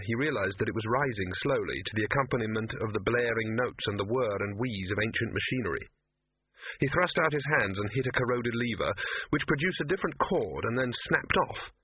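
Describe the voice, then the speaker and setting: A man reading a story aloud in a steady, measured narration. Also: mid-range voice, breathy edge, no room sound. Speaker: audiobook narrator. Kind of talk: scripted narration. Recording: tinny phone-band audio.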